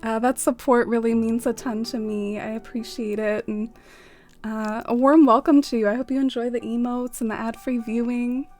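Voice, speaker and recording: A woman's voice: on the high side, fairly even intonation, moderate pace, darkish tone, soft background music. A young woman streaming a game, chatting bubbly and giggly with her viewers, full of "like". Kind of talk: casual live-stream chat.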